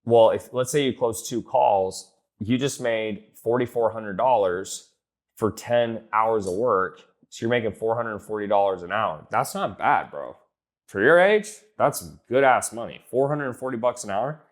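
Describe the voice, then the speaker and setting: A man's voice: lowish voice, moderate pace. A young man giving blunt, casual coaching on sales, swearing easily and acting out text messages in a lifted voice. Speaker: business coach.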